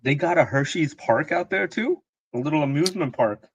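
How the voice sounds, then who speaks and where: A man's voice: a little high, a little fast, breathy edge, no room sound. Easygoing male co-host, muffled audio. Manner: relaxed, chuckling, easygoing. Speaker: podcast co-host. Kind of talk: casual chat. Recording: slightly dull, muffled audio.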